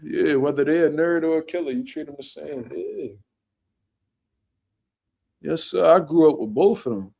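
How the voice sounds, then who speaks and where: A young man, a boxer, telling animated, profane stories in street slang during a casual podcast chat. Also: a little high, normal speed, vocal fry, long pauses, husky.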